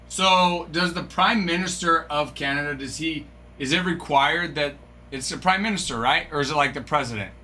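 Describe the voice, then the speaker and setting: Bright-voiced chatty man streaming. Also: fairly high pitch, moderate pace, a little hiss or hum. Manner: chatty, musing aloud, reads from a screen, stumbles over French names. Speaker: card break streamer. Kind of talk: casual live-stream chat.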